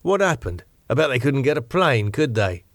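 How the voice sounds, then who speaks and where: A man voicing a groggy, indignant man who has just woken up drugged, talking in a slurred but sharp, demanding way, higher than his own voice. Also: big pitch swings, moderate pace, dry recording, clean studio sound, natural voice.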